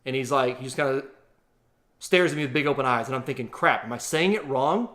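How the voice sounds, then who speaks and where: A man telling a travel story in a casual, animated, exaggerated way to his vlog audience. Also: mid-range voice, fairly quick. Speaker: vlogger.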